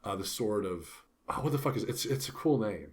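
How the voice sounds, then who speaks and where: A man co-hosting a casual book discussion, animated, dropping into playful voices when he retells scenes. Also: fairly low pitch, fairly quick. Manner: animated, puts on character voices when quoting. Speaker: podcast co-host.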